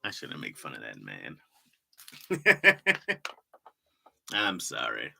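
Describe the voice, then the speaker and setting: A man's voice: a bass voice, wildly swooping pitch, extremely slow, vocal fry, bright, forceful tone, a little hiss or hum. A young man hosting a casual livestream, bantering with chat and laughing often. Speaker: livestream host.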